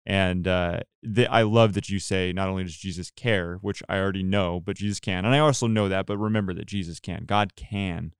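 Earnest man with a crisp, dry voice. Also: deep voice, fairly even intonation, fairly quick, hardly any pauses, no room sound. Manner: earnest, rambling, with many restarts. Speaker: podcast host. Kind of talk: casual church podcast chat.

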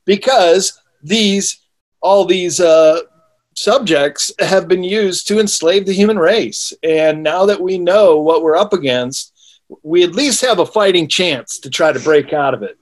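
A man's voice: high voice, a little slow. A man who is an author, a guest in an interview, explaining his ideas steadily with small restarts.

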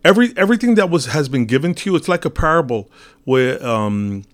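A man's voice: fairly high pitch, sing-song, brisk. A man giving a casual, rambling monologue on spiritual teachings, telling a parable with many fillers and restarts.

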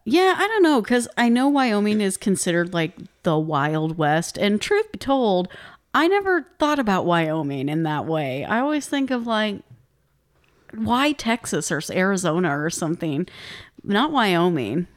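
A woman's voice: mid-range voice, very animated, measured pace. Woman, podcast co-host, casual chat, frequent laughter, brief reactions. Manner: laughs often, short reactions.

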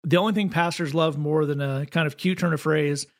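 A man with a Southern accent co-hosting a podcast, talking quickly and wryly in casual comedic chat. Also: a little high, steady tone, creaky. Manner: quick, wry, with frequent restarts. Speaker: podcast co-host.

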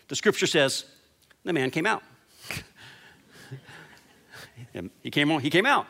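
A man delivers a sermon in a bright, forceful voice that sits a little high for a man. He tells his stories with steady momentum and lowers to a near-hush on the lines he wants to land. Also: a little slow, vocal fry, pauses often. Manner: storytelling, dropping to a hush on key lines. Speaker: pastor.

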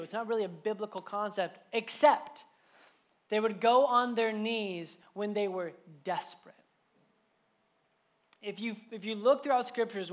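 A man in his thirties preaching a sermon to a church congregation, telling family stories in a casual, animated way full of fillers. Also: high-pitched. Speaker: pastor.

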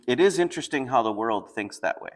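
A man's voice: mid-range voice, expressive, moderate pace, creaky. A man preaching a sermon, explaining a passage and reading scripture aloud with rising intensity. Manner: reads scripture aloud with raised intensity between plain explanation. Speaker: pastor.

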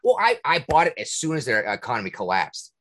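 A man hosting a podcast, ranting in casual talk, profane and indignant, with a husky voice. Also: medium pitch, wildly swooping pitch, fast, sharp tone. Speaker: podcast host. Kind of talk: heated casual rant.

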